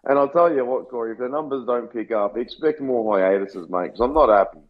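A man's voice: mid-range voice, fairly quick. A man with an Australian accent, co-hosting a casual sports podcast with brash, sweary banter. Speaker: podcast co-host. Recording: tinny phone-like line.

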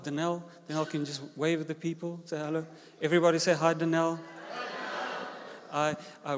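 Preacher guy in his 40s, kinda high voice, cracking jokes, big hall echo. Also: slight background noise. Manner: joking, animated preacher. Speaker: senior pastor. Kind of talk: sermon. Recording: long hall reverb.

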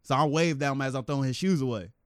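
A man telling a story animatedly in casual podcast chat, laughing and acting out quotes in a higher voice. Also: fast talker, heavy background noise. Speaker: podcast co-host.

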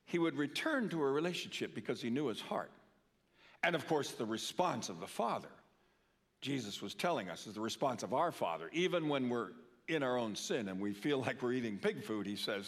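A man's voice: mid-range voice, lively intonation, fairly quick. An older man preaching a sermon in a church, earnest, often repeating words for emphasis. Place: church sanctuary. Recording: long reverb of a church hall.

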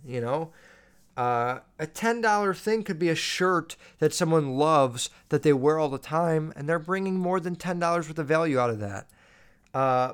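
Profane young man ranting, smooth voice. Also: fairly high pitch. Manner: profane, animated, acts out customer dialogue. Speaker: podcast host. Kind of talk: casual storytelling rant.

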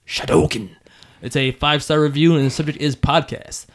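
A man's voice: on the high side, fairly even intonation, brisk. A man co-hosting a podcast, chatting casually, laughing often and reading listener reviews aloud. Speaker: podcast co-host.

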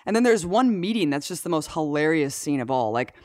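A woman co-hosting a podcast in casual chat, animated and peppered with 'like'. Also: low-pitched, a little fast, no room sound, clean studio sound. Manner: animated, heavy use of 'like'. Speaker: podcast co-host.

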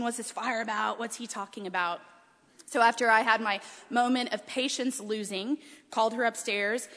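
A woman preacher telling a chatty, animated family story during a sermon in a large hall with a balcony. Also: on the high side. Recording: long hall reverb.

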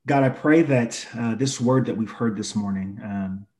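A man leading a spoken prayer at a church service, halting with fillers. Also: fairly low pitch, darkish tone.

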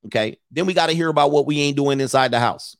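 A man with a fairly high, gravelly yet smooth voice talks fast in a dry, studio-quality recording. Hosting a live stream as a life coach, he rants bluntly and profanely, laughs between points, repeats phrases, and answers viewers' super chats in a casual livestream rant.

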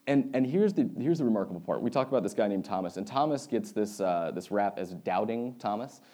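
A man preaches a sermon in a relaxed, conversational manner, retelling the story with wry asides. His voice sits somewhat low and sounds mellow and warm. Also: fairly quick.

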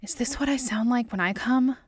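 A woman's voice: mid-range voice, normal speed, no room sound, natural voice. Woman reading a sardonic female agent. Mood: sarcastic. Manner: dry, scoffing. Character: sarcastic, irritated female FBI agent.

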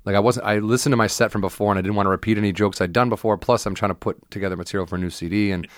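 Fast-talking, profane male comedian. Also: fairly low pitch, steady tone, dry recording, studio quality. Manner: fast, profane, acts out voices in his stories. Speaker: podcast co-host and stand-up comedian. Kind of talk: casual storytelling chat.

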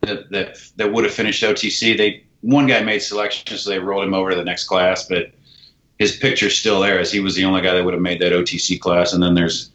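A man's voice: low-pitched, level tone, a little fast, a bit bright. A man, an army veteran guest, telling a story in casual talk, acting out dialogue and swearing casually. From United States. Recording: roomy, dull lo-fi sound.

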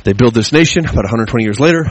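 A man giving a sermon as guest preacher, opening with a casual personal story. He rambles, restarts and chuckles often, and swings between excited and hushed. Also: medium pitch, very fast, husky, rough recording.

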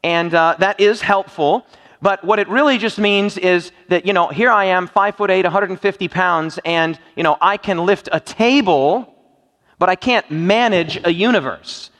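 Here a man delivers a sermon in a church hall, cracking jokes and quizzing listeners with playful questions. He speaks at a moderate pace in a high, slightly bright voice, and the big hall leaves a long reverb on the sound.

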